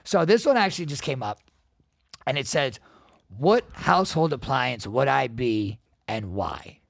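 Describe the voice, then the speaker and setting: A young man, co-hosting a casual family podcast, telling animated stories and swearing freely. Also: medium pitch, a little slow, vocal fry, dry recording, clean studio sound. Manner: animated storyteller, swears freely, acts out quotes. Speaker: podcast co-host.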